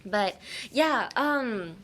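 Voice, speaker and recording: A woman's voice: a little high, expressive, extremely slow, a bit bright. A woman hosting a casual podcast that teaches English. She talks in a chatty, playful way, laughs often and uses many fillers. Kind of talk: casual language-lesson podcast.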